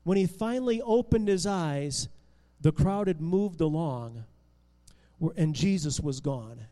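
A man telling a Bible story dramatically, expressive and full of restarts and swings in loudness. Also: on the high side, takes it slowly, in a large hall, poor audio.

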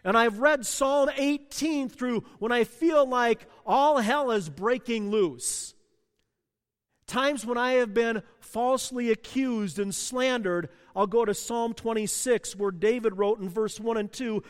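A man with a high voice preaches a sermon, telling stories from his own life and asking the congregation questions. His words ring through a large hall with a long reverb. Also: takes it slowly, clear, resonant tone. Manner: storytelling, asks the congregation questions. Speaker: pastor.

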